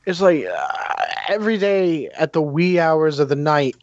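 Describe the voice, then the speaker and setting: A man's voice: a little high, big pitch swings, normal speed, a little mellow, no echo, highs cut off. A young man ranting in a casual chat, swearing often and filling gaps with "like". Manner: ranting, swearing, lots of filler words.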